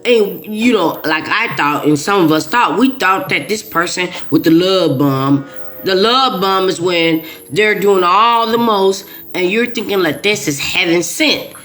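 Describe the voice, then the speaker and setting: A woman's voice: lowish voice, a little slow, a bit bright. Woman, casual talk to viewers, emphatic, repeats herself, faint background music. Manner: emphatic and repetitive, with frequent restarts. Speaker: video creator. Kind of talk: casual spoken monologue to viewers.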